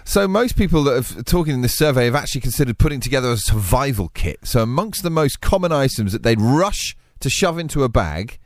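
Male breakfast co-host, cheeky, hugely animated pitch, dry studio sound. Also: a little fast, few pauses, dry recording. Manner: cheeky, innuendo-laden, laughs a lot. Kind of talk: casual radio banter. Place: radio studio.

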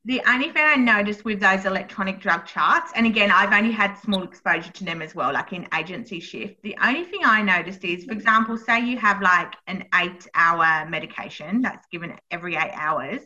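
A woman who works as a midwife, chatting casually and telling stories about work with a lively, animated delivery. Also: mid-range voice, brisk, hardly any pauses, muffled recording. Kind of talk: casual chat.

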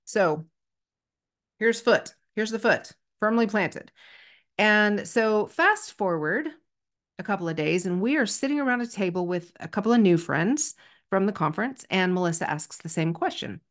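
With a mid-range voice, lively intonation, and a moderate pace, this middle-aged podcast host tells a story on her own. She comes across as earnest and chatty, often poking fun at herself.

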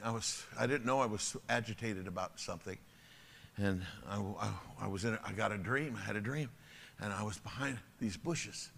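A man preaching a sermon as a pastor, telling stories in an animated way and swinging from loud to hushed. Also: on the low side, creaky.

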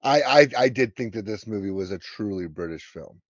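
A man's voice: on the low side, animated, brisk, no room sound, lo-fi sound. American male podcast co-host, casual and rambling, dry close sound. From United States. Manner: rambling, lots of fillers and restarts. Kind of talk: casual film discussion.

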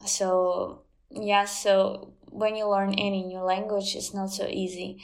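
A woman who speaks natively, talking in English as an interview guest, explaining earnestly with many pauses and fillers. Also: medium pitch, level tone. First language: Ukrainian. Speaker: guest, Ukrainian language teacher.

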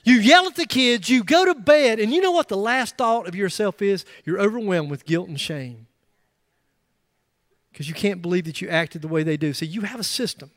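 High-voiced man preaching a lively sermon. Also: normal speed, no echo, studio quality. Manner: emphatic, rising to loud bursts with joking asides. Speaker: pastor.

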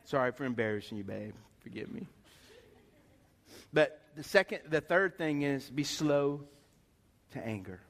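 Animated middle-aged man preaching. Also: mid-range voice, measured pace, pauses often, long reverb tail. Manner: animated, folksy preaching with asides and laughter. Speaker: pastor. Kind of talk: sermon.

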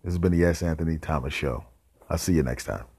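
Man, podcast host, comedic storytelling, deadpan and rambling, low voice, husky, dry close sound. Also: fast talker, dry recording.

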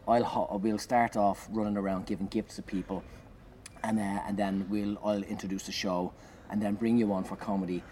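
A man, a comedian, telling an animated anecdote in conversation, swearing and shouting out the lines he acts. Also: lowish voice, normal speed. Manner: animated, swearing, loud acted-out bursts. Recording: noisy background.

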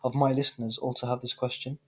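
Young man, podcast co-host, deadpan mock-clever teasing, husky tone. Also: mid-range voice, fast talker. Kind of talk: casual banter.

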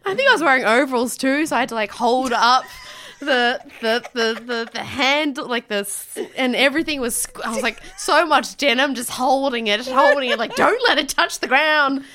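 Brief: young Australian woman, bright high voice, animated giggly storyteller in casual chat. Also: moderate pace, a little hiss or hum.

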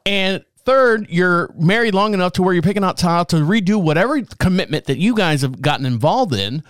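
A man's voice: sits high, lively intonation, a little fast, fairly bright tone, no room sound, clean studio sound. A man hosting a podcast, telling a comic story in a rambling, wry way with chuckling asides. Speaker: podcast host. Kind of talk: casual comic storytelling monologue.

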